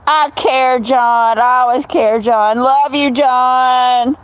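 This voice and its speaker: A woman's voice: high voice, fairly even intonation, takes it slowly, hardly any pauses, low-quality recording. A woman chatting casually on a phone livestream at home, greeting viewers by name and telling stories. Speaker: livestream host.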